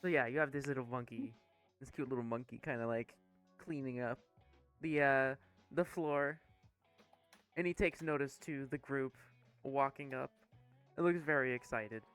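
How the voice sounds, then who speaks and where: A man's voice: medium pitch, fairly even intonation, normal speed, pauses often, fairly bright tone, clean tone, faint music behind. A man running a tabletop game, narrating in a rambling, casual way and laughing at himself. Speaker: game master.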